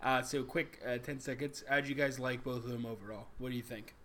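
Podcast host guy who laughs a lot and moves things along, bright voice. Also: medium pitch, steady tone, a little fast. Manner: laughs easily, steers the talk along. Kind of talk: casual chat, anime review podcast.

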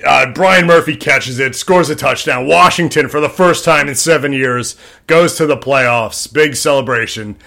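A man co-hosting a podcast recaps a film in loose, animated chat, sometimes putting on voices for the characters. His voice has a bright, forward tone. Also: mid-range voice, normal speed, gravelly. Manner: animated storytelling, acting out film scenes with quoted voices. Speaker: podcast co-host. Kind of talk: casual chat.

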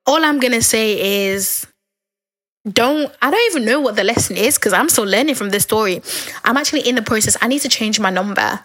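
A young adult woman hosting a podcast alone, talking in a candid, rambling, chatty way, her voice a little hoarse from talking so long. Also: on the high side, animated, fairly quick, fairly bright tone. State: losing her voice, a bit hoarse. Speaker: podcast host. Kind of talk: casual podcast monologue.

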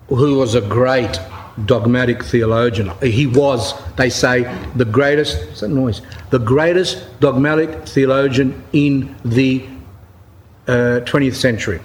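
A man preaches in an unscripted, chatty way, mixing stories with emphatic points. His voice sits a little higher than most men's and climbs further when he stresses something. He reads from an account and then retells it in his own words. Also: slight background noise. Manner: reads aloud from a written account then paraphrases it. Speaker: Orthodox Christian speaker giving a talk. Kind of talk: informal spoken sermon with anecdotes.

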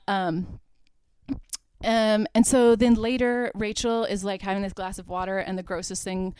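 A young woman hosts a podcast, walking through a film's plot in a loose, chatty way. Her voice is smooth and clear, and she keeps dropping "like" as she goes. The sound is dry and close, with no room echo. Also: medium pitch, fairly even intonation, a little slow, a little mellow. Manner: chatty, heavy use of "like", laughs while retelling. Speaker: podcast host. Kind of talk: casual movie recap.

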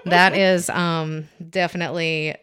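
A young adult woman co-hosts a podcast, chatting casually and telling stories full of fillers and restarts. Her voice is smooth, fairly bright, on the low side, and a little slow, with little pitch movement.

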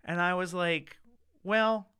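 Bright, crisp-voiced man telling stories. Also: a little high, moderate pace. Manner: chatty, acts out quotes, many fillers and restarts. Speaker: interview guest recounting law school. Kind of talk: casual storytelling.

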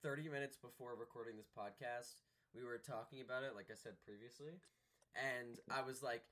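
A young man co-hosting a casual podcast, playful and quick to laugh. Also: medium pitch, bright, forceful tone, a little hiss or hum. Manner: playful, quick to laugh, breaks into goofy impressions. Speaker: podcast co-host.

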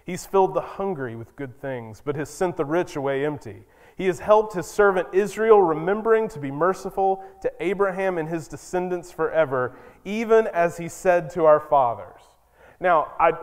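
A male pastor preaching a sermon in a conversational, storytelling way with emphatic moments. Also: a little high. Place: church sanctuary. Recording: long reverb in a church.

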